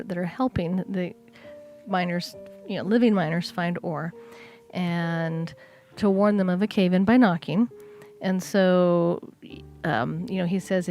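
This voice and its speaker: A woman's voice: on the low side, darkish tone. A woman co-hosting a podcast, casually retelling a folk tale with chatty asides and fillers. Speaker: podcast co-host. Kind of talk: casual storytelling.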